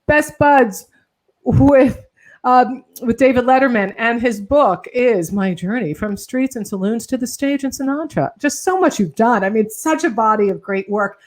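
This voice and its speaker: A woman's voice: a little high, a little slow. A woman hosting an online talk show, gushing and effusive with her guest. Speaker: show host.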